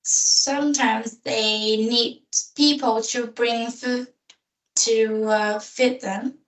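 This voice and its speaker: A woman answering questions in hesitant, halting learner English during a speaking practice conversation. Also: a little high, fairly even intonation. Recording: echoey room, voice far from mic.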